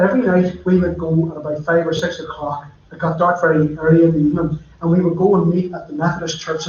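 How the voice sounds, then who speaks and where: A man preaching, his voice sitting a bit high for a man. He tells stories in a chatty, direct way. The sound is very echoey and muffled, like a church livestream. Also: a little mellow, a little hiss or hum. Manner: chatty storytelling, addressing listeners directly. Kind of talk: sermon.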